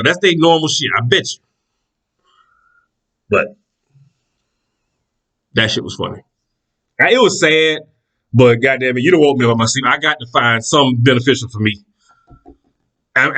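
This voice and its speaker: A man of middle pitch recounts a story at normal speed, leaving long pauses, in an easygoing monologue. He's animated and foul-mouthed, performing the people in the tale, and the recording is rough.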